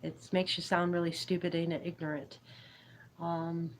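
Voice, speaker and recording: A woman with a fairly low voice talks casually on a livestream, drifting from thought to thought. She giggles often and answers her viewers' chat as she goes. A faint hiss sits under the recording. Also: level tone, unhurried, poor audio. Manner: giggly, meandering, reads chat aloud. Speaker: YouTube livestream host. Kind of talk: rambling spiritual livestream chat.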